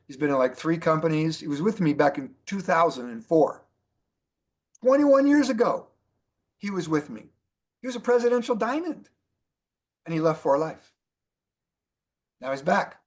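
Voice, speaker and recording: A middle-aged network marketing trainer gives an animated motivational talk, repeating his key points for emphasis. His pitch is fairly high, with a breathy edge.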